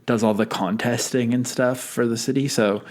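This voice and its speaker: A man's voice: medium pitch, steady tone, normal speed, a little mellow. A man hosting a podcast in casual chat, rambling and joking as he introduces songs. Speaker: podcast host.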